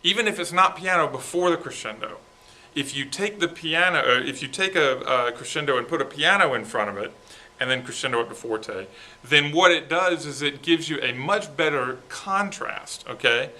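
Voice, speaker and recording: A man's voice: fairly high pitch, normal speed, bright, forceful tone. A man coaching a student band through a march, explaining the parts and checking in with "okay" as he goes. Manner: coaching, sings parts with syllables. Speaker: composer coaching school band. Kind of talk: rehearsal instruction.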